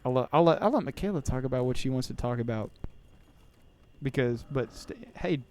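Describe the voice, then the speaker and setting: A man's voice: mid-range voice, lively intonation, a little fast, a little mellow. A man in his twenties hosting a podcast, rambling casually and sarcastically while playing a video game. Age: 20s. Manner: rambling, sarcastic and self-deprecating. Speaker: podcast host.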